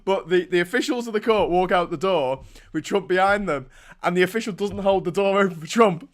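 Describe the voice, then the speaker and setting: A male morning-show host talks through his commentary in a loose, teasing way. His voice sits high for a man, and laughter keeps breaking through his sentences. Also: brisk. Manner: chatty and mocking, often breaking into laughter. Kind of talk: casual satirical commentary.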